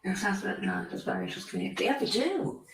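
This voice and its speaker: Woman livestream host, gravelly, opinionated and chatty, sitting away from the mic in an echoey room. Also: medium pitch, wildly swooping pitch, a little fast, far from the mic. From United Kingdom. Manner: opinionated, rambling, talks to chatters by name. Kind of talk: casual livestream chat reading comments.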